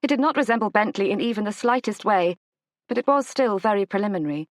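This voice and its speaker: A woman narrating a romance audiobook in a measured, gentle storytelling manner. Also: lively intonation, dry recording. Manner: measured, gentle storytelling, lifts pitch for the heroine's lines. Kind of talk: scripted narration of a romance novel.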